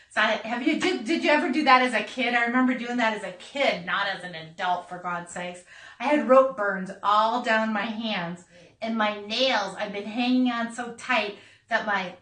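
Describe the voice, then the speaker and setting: A middle-aged woman hosting a podcast, telling a personal story in a casual, animated way, laughing and acting out voices as she goes. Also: mid-range voice. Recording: echoey room, a bit far from mic.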